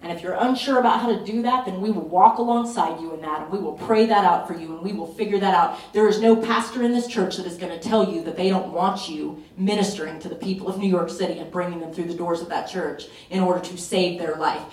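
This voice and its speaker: A woman's voice: lowish voice, fast, few pauses. A woman pastor preaching a fervent, urgent sermon at a retreat, pressing her points with emphatic repetition. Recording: roomy echo, voice from a distance.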